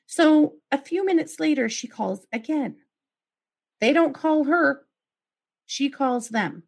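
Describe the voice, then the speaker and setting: A woman's voice: high-pitched, animated, slow, vocal fry, a little mellow. A woman hosting a podcast, retelling a true crime case and acting out the quoted calls with outraged asides. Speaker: podcast host.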